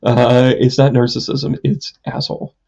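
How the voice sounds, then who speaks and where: A man's voice: mid-range voice, level tone, moderate pace, vocal fry, a little mellow, muffled recording. A man, a psychic medium, chatting casually on a live stream, rambling through a story with lots of fillers and self-mocking jokes.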